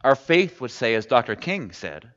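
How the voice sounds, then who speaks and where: A male pastor delivers a sermon in a conversational way, putting questions to his listeners. His voice is bright and forceful, and it rings out with a long reverb from a large hall. The recording sounds slightly muffled. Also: medium pitch, sing-song, normal speed. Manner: conversational, asks the congregation questions. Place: church sanctuary.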